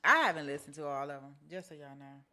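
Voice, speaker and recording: A woman's voice: deep voice, animated, quick pace, pushed and bright. A woman hosting a true-crime commentary show, talking casually with lots of restarts. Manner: casual, chatty, many restarts. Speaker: host.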